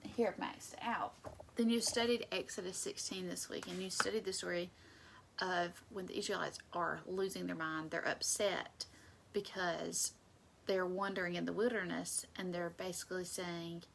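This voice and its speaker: A woman leading a casual Bible study, conversational and emphatic, sometimes dropping into soft asides. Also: on the low side, steady tone, normal speed, vocal fry, a little hiss or hum.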